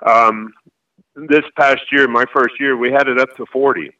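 A man in his forties, a high school football coach from Florida, answering interview questions in a rambling way with halting restarts. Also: fairly even intonation, pushed and bright, far from the mic, dull audio.

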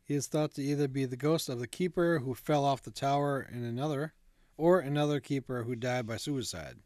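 A man's voice: mid-range voice, a little fast, a little mellow, no room sound, studio quality. A man co-hosting a casual chat, reading out ghost stories from notes in a laid-back way, with fillers and asides. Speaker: podcast co-host.

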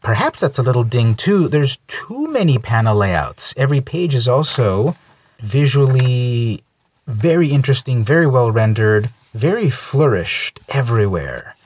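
A man casually reviewing a comic book, talking in a relaxed, conversational way with light opinions. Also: medium pitch, a little slow, husky.

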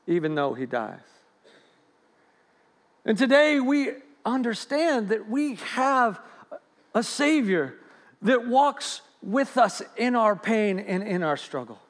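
A man preaching a sermon in an earnest way, swinging from loud stresses to hushed lines. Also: very high voice. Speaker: pastor.

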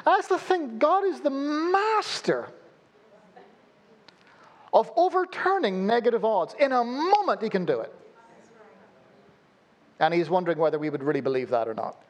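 A man preaching a sermon as a pastor, telling humorous stories and dropping suddenly to a low, quiet voice. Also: animated, moderate pace, long pauses.

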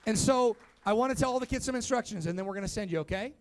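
A man's voice: sits high, racing, a little hiss or hum. A young man, a pastor, preaching to kids and adults in a church, telling his story with rising emphatic calls. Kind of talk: sermon to youth and church. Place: church sanctuary.

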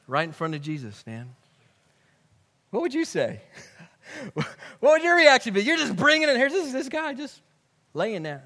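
Male pastor, very high voice, lively slangy sermon delivery, reverb of a big hall. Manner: animated, conversational preaching with slang. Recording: echoey hall.

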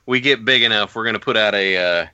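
A man's voice: on the low side, quick pace, clear, resonant tone, no echo, highs cut off. Seorang pria pembawa podcast yang bercerita dengan hidup, suaranya cerah dan tajam, rekaman kering tanpa gema. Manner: animated storyteller, acts out quotes. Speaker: podcast host. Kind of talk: casual podcast chat.

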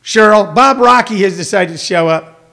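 A man's voice: high voice, normal speed, gravelly, sharp tone. A man in his sixties, a comedian hosting a rambling casual livestream, reading viewer comments and plugging shows. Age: 60s. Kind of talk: casual chat. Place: home.

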